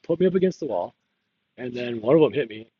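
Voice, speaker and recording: A man's voice: medium pitch, expressive, quick pace, breathy edge, highs cut off. A man talking candidly in a rambling confessional monologue, laughing often and drifting between topics. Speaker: political candidate.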